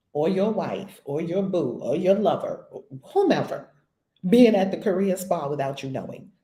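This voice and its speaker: Straight-talking woman teaching spirituality, mellow warm tone, echoey room. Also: medium pitch. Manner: blunt, animated, swears casually. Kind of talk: spiritual lesson talk.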